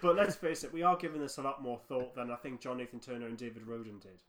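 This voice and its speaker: A man co-hosting a casual podcast, animated and often laughing, breaking off and restarting his sentences. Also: mid-range voice, fast talker. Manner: laughing, animated, self-interrupting. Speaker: podcast co-host. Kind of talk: casual fan podcast chat.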